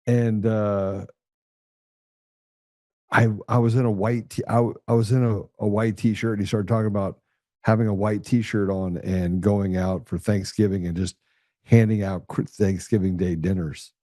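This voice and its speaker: A man hosting a podcast, telling blunt, profane, animated stories in a casual conversational way. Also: lowish voice, measured pace, no room sound, clean studio sound. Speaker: podcast host.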